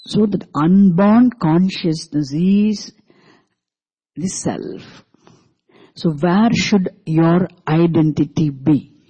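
A teacher giving a scripture class, deliberately repeating and explaining Sanskrit terms and asking the students questions. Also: medium pitch, warm tone, breathy edge, highs cut off. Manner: asks the class rhetorical questions. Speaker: Vedanta teacher.

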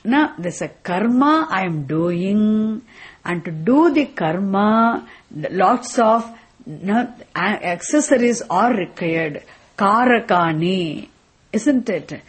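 A woman teaching a Vedanta class. She reads Sanskrit verses slowly and explains them in English, repeating phrases and checking with the class by asking "isn't it?". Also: medium pitch, lively intonation, breathy edge. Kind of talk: scripture class lecture.

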